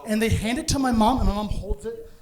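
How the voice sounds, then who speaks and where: A man from Canada tells a long comic story on a club stage, animated and quick to laugh through his punchlines. His voice sits high for a man. He speaks into a handheld stage mic. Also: music in the background. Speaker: stand-up comedian. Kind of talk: stand-up storytelling.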